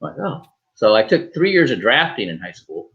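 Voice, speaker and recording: A man from Michigan, a talk show guest, telling a story in a joking, animated way with quoted dialogue and restarts. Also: mid-range voice, a little fast, dull audio.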